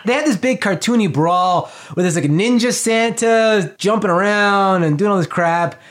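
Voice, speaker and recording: A man co-hosting a casual movie review chat, opinionated and joking, with quick bursts of talk. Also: high-pitched, fairly bright tone. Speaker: podcast co-host.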